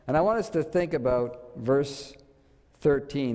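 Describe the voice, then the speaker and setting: Conversational preacher in a reverberant church. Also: male voice, medium pitch, lively intonation, unhurried, dark tone. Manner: conversational, asks rhetorical questions. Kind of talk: sermon. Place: church sanctuary. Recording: long hall reverb.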